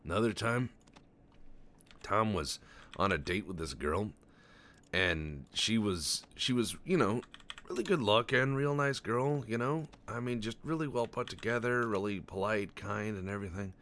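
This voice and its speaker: A man with a low, deep voice talks loosely over his own gameplay and spins absurd stories with a straight face. He stammers, restarts and swears freely as he rambles, and a faint hiss sits under his voice. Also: measured pace, fairly bright tone. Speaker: Let's Play commentator. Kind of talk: casual game commentary with rambling tall tales.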